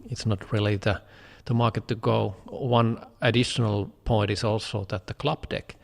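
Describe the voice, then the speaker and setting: Gravelly low-voiced man, reverberant. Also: steady tone. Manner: thoughtful, measured with fillers. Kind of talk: casual chat.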